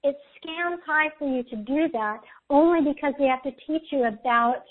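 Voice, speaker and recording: High-voiced woman giving spiritual readings. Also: moderate pace. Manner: soothing, guiding, often checks in with "okay?". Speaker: intuitive reader, show host. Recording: tinny phone-like line.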